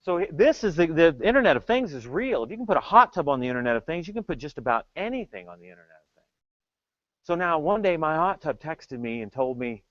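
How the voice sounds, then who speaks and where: Animated, joking male tech speaker. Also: a little high, fast talker, dry recording. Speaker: conference speaker, tech evangelist. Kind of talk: humorous keynote talk. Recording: dull dry lo-fi sound.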